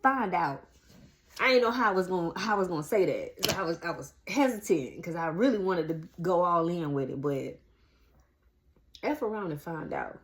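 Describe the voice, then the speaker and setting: A woman's voice: lowish voice, expressive, moderate pace, slight background noise. A woman around forty, chatting casually to camera and calling her viewers y'all. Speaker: vlogger.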